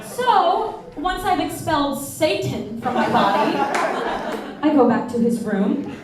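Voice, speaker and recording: A woman's voice: high voice, big pitch swings, slow, crowd noise, noisy background. Young woman doing standup, laughs at her own jokes, roomy distant live recording w/ audience. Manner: oversharing, self-mocking, laughs between punchlines. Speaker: stand-up comedian. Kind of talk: stand-up comedy set. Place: theater stage with live audience.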